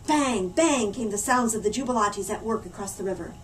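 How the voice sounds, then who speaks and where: A woman librarian reading a storybook aloud to children, expressive and animated. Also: mid-range voice, fairly quick, few pauses. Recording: distant mic, faint room hum.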